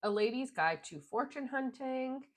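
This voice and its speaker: Expressive and a little slow, a young woman vlogger with a high voice chats about how she ranks books. It's a casual book review, rambling and full of "like" and other fillers.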